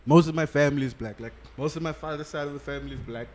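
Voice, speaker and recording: A man from Soweto, South Africa, a guest on a casual podcast chat, talking in a relaxed, laid-back way. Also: on the high side, racing.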